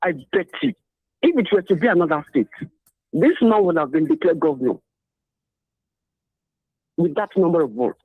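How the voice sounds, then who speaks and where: A man's voice: fairly high pitch, lively intonation, normal speed, pauses often, breathy edge, no echo. A man calling into a radio show, arguing politics emphatically with repeated points and rhetorical questions. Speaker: caller. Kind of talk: political call-in commentary. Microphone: phone. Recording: tinny phone line.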